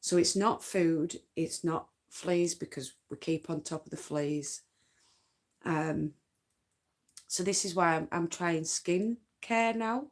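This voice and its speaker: A woman with a Yorkshire accent, chatting in a loose, rambling way on a late-night livestream from home. Her voice sits a little low, and she takes her time with each thought. Dialect forms slip into her everyday talk. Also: steady tone, slow. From North Yorkshire, England. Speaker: craft livestream host. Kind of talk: casual late-night live chat.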